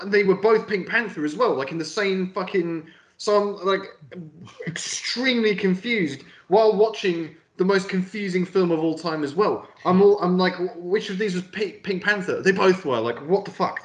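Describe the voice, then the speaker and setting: A man's voice: high voice, roomy sound. A man co-hosting a film review podcast, rambling and swearing in casual chat. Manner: rambling, swears, quick asides. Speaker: podcast co-host.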